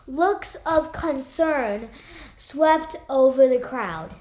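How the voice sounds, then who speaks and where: A woman reading a children's novel aloud, unhurried, raising her voice for the animal characters. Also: sits high, a little mellow. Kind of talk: read-aloud storytelling.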